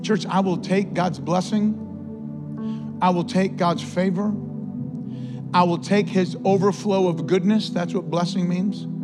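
High-voiced man preaching with fervor. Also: steady tone, slow, long pauses, long reverb tail, loud music behind the voice. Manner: impassioned preaching with repetition and rising exclamations. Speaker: pastor. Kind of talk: sermon.

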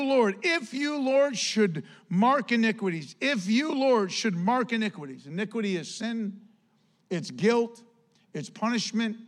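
A man preaching a sermon as pastor, emphatic and repetitive, swinging between loud declarations and hushed, earnest passages. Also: high-pitched. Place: church.

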